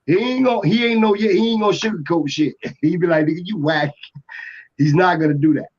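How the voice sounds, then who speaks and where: A music producer from Atlanta telling a rambling story in a casual interview, full of restarts and fillers. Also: male voice, high-pitched, quick pace, a little mellow. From Atlanta, USA. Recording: dull lo-fi podcast audio.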